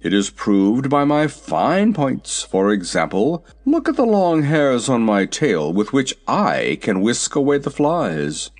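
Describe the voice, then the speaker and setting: A man voicing a boastful old male cab horse in a storybook, slow, loud and pompous. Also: medium pitch, wildly swooping pitch. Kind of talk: storybook character voice.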